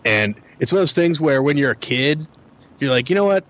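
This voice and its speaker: A man of middle pitch reminisces at an easy pace on a casual podcast. He pauses on ums and uhs and swears now and then as he drifts through his memories. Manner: relaxed reminiscing with fillers. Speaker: podcast co-host. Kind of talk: casual chat.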